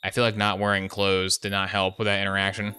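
A man's voice: low-pitched, completely flat delivery, quick pace, pushed and bright, clear, resonant tone, faint music behind. A young man commenting on his gameplay live, joking and muttering asides into a desk microphone. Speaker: gaming streamer.

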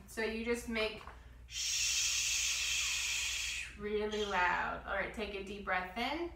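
A woman guiding a children's yoga class, giving gentle step-by-step instructions and demonstrating breath sounds. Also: mid-range voice, a little slow, creaky, roomy sound, distant mic, background noise. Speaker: kids yoga teacher.

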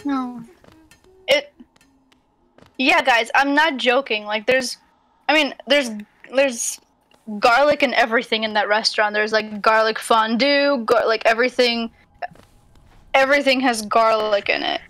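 A woman's voice: on the high side, unhurried, pauses often, a bit bright, dry recording. A woman joining a game stream as a guest, chatting casually and teasing her co-host. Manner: teasing, chatty, talks to the chat. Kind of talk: casual chat.

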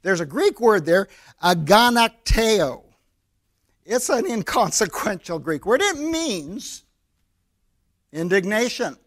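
An American man preaching a sermon, his voice sitting high for a man. He talks in an easy, conversational way and slips into quick quoted voices to act out little scenes. The delivery stays plain and personal. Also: sing-song, a bit bright. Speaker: pastor.

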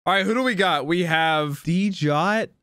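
A man hosting an anime reaction, talking casually to the screen, laughing often and shouting with excitement. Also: sits high, measured pace, clean tone, no echo, studio quality.

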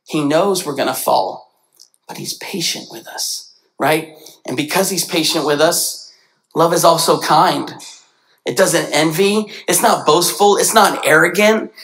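Animated pastor with a gravelly voice. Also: male voice, unhurried, rough recording. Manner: animated, acts out quoted voices with big pitch jumps. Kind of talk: sermon. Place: church sanctuary.

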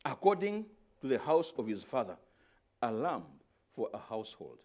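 A man preaching a sermon as pastor, moving from soft, low explaining to loud, stretched-out cries, and often repeating words as he searches for the next one. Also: big pitch swings. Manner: swings from quiet explaining to shouted, drawn-out exclamations.

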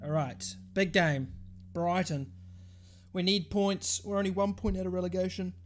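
A man commentating his football video game, swearing and shouting at the play. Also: steady tone, moderate pace. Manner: swears and shouts at the game, pitch jumps high in frustration. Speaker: gaming channel host. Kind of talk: live gameplay commentary.

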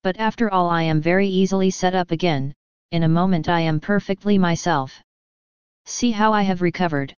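A woman voicing a languid, affectionate young noblewoman who is secretly a vampire, speaking softly in a murmur, in a dull lo-fi audiobook recording. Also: lowish voice, moderate pace, smooth, no echo, lightly acted.

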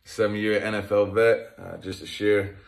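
His voice is on the low side, with vocal fry, a flat delivery and a moderate pace. The Massachusetts man in his thirties, a one-time pro football player, narrates his life in a conversational manner, restarting frequently and using fillers.

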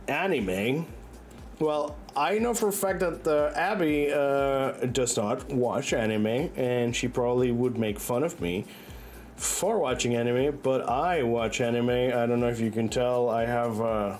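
Slow-talking laid-back male streamer. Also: mid-range voice, darkish tone. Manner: rambling and laughing often. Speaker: livestreamer. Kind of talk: loose casual chat while gaming. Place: own bedroom.

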